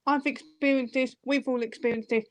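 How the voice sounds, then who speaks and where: A woman hosting a casual chat on a video call, emphatic and quick to exclaim in disbelief. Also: high-pitched, steady tone. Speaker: host.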